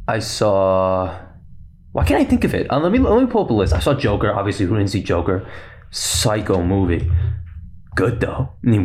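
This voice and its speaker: A young man hosting a casual solo podcast, talking quickly and rambling with a slight lisp. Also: on the low side. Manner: rambling, fast-talking, self-interrupting. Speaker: podcast host.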